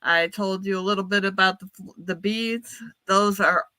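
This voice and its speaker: Bright-voiced woman telling family stories. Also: mid-range voice, steady tone, moderate pace, no echo. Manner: laughs often while telling stories. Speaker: guest. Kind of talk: casual storytelling.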